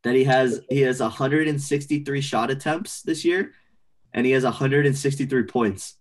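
A man co-hosting a casual sports podcast, opinionated and animated, often trailing off into fillers. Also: mid-range voice, normal speed. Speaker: podcast co-host.

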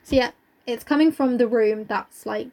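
A woman's voice: a little high, moderate pace, mellow. Woman reading and chatting. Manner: chatty, jokey asides between readings. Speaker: podcast co-host reading a novel aloud. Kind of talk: casual book chat with read-aloud.

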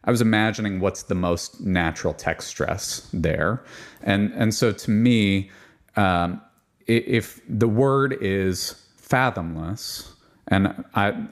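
A man, a composer, explaining his choral writing in an interview, thoughtful and explanatory. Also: on the low side. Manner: demonstrates rhythms by chanting and singing them. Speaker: composer guest. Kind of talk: interview about choral music.

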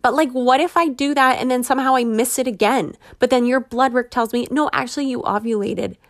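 A woman's voice: high-pitched, steady tone, fairly quick, no echo, clean studio sound. Candid, chatty woman in her thirties. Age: 30s. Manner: candid, chatty, laughs often. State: frustrated. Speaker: podcast host. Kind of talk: personal podcast monologue.

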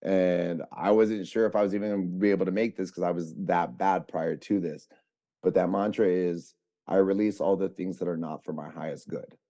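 A man in recovery, a podcast guest, talking in a halting, reflective way with frequent fillers. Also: low voice, fairly even intonation, warm tone. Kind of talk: casual conversation.

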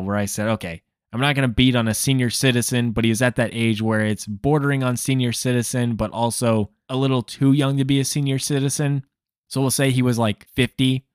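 A man's voice: fairly low pitch, no echo, studio quality. A man hosting a film review, telling a story with sardonic, exasperated asides.

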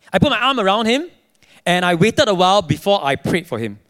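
A young adult male pastor, preaching a sermon in an animated storytelling way. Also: high voice, normal speed. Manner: animated storytelling, acting out his own dialogue.

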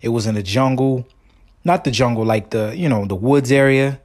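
Male podcaster, casual rambling monologue, street slang, mid-pitched voice. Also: moderate pace, darkish tone. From family from Guyana. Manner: rambling storyteller, slangy, many restarts. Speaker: podcast host.

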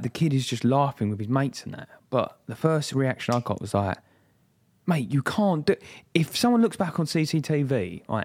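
A young man co-hosts a casual podcast, his voice lively and swinging up and down in pitch. He rambles through his points, stumbling over restarts and swearing freely. He sounds loose and chatty. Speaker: podcast co-host. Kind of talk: casual chat.

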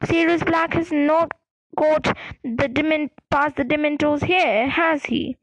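A woman's voice: high voice, fairly even intonation, no room sound, poor audio. A woman voicing a determined teenage schoolboy who speaks pointedly, in a storybook reading. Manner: pointed, quick to defend.

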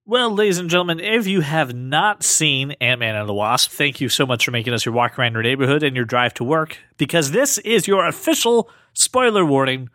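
A man's voice: on the high side, lively intonation, brisk, hardly any pauses, pushed and bright, dry recording, clean studio sound. A man hosting a podcast, chatting playfully and rambling, often restarting his sentences. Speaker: podcast host. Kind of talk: casual chat.

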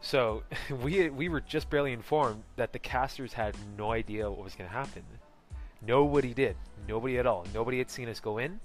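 A man's voice: mid-range voice, a little fast, soft background music. A man telling a casual story about a costumed event, rambling with many fillers and restarts and laughing often, into a close mic. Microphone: close personal mic.

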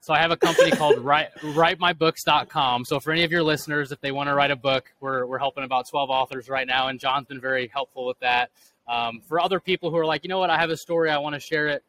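A man's voice: fairly high pitch, fairly even intonation, fast talker, sharp tone, slight background noise, poor audio. A man in his thirties, a guest author and speaker, answering earnestly in a podcast interview. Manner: earnest, motivational.

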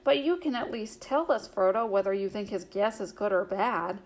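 A woman's voice: mid-range voice, normal speed, darkish tone, lightly acted. A woman reading as Merry, a shrewd young hobbit. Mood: curious. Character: young male hobbit, shrewd and caring friend.

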